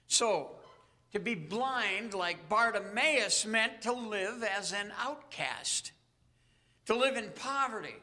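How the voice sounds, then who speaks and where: A male pastor preaching a sermon, retelling a story earnestly with dramatic pauses. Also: high voice, lively intonation, bright, forceful tone.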